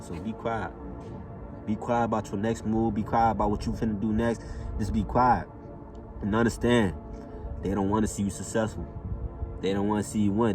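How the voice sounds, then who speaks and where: A man's voice: fairly low pitch, darkish tone, far from the mic. A man giving a casual, emphatic motivational monologue, repeating himself and checking in with "know what I'm saying". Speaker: motivational vlogger.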